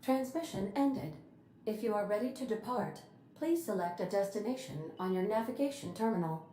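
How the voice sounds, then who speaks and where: A woman voicing a calm female ship computer that makes formal announcements in a video game. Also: medium pitch, normal speed, slight background noise, close to an everyday voice. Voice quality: even, formal announcing manner. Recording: echoey game audio.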